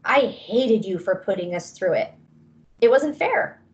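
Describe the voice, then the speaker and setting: A woman's voice: medium pitch, animated, measured pace, highs cut off, natural voice. A woman voicing an upset boy, reading his lines with pleading emotion in a storybook reading. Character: boy, older child, upset and then softening.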